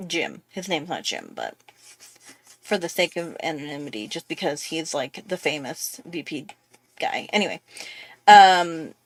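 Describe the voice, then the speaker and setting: A woman's voice: deep voice, sing-song, a little slow, slight background noise. A young woman telling a long, rambling story in casual chat on her art channel, with many fillers and restarts. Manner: chatty, rambling, full of fillers. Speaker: art YouTuber.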